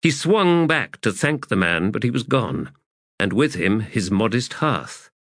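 Slow, expressive male audiobook narrator. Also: on the low side, dry recording, clean studio sound. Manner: measured, expressive reading. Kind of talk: audiobook narration of fantasy fiction.

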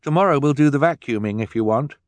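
A man's voice: medium pitch, expressive, quick pace, no echo, voice pushed up, natural voice. Smart practical girl explaining stuff, guy narrator doing her, close dry sound. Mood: eager, explaining. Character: clever practical teenage girl inventor.

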